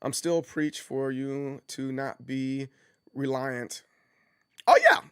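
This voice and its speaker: A man chatting casually on his livestream, rambling with frequent restarts and jumping into high mock voices as he tells stories. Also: fairly even intonation, takes it slowly, fairly bright tone, clean tone, no room sound, studio quality. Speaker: streamer.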